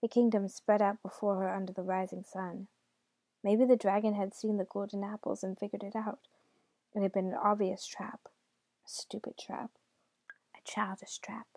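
A woman reading a dark fairy tale aloud in a hushed, intimate way, often dropping close to a whisper. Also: medium pitch, flat delivery, normal speed, pauses often, dry recording. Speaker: storyteller. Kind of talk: storybook reading.

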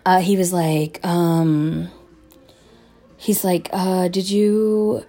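Low, gravelly young woman rambling. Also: steady tone, measured pace, dark tone, faint music behind. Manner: rambling, profane, lots of "like" and "um". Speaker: vlogger. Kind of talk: casual storytime monologue.

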